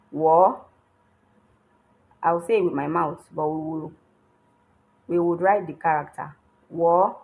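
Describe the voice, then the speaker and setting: A woman giving a step-by-step writing lesson as a language teacher. She talks patiently and repeats herself, checks in often with a questioning "hmm?", and sounds words out slowly. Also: fairly low pitch, darkish tone, low-quality recording. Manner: models pronunciation slowly.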